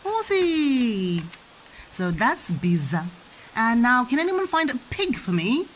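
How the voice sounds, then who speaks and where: Recorded in low quality with slight background noise, a woman leads a playful home lesson with toys for her small child. Her highish voice is very animated yet unhurried, and she coaxes with sing-song questions while acting out animal noises.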